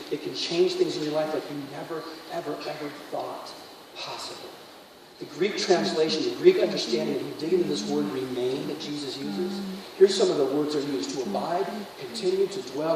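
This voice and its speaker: High-voiced preacher in an echoey hall. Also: male voice, background noise. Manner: animated preaching, swinging from loud bursts to near-whispers. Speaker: pastor. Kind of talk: sermon. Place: church sanctuary. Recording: echoey church hall from far off.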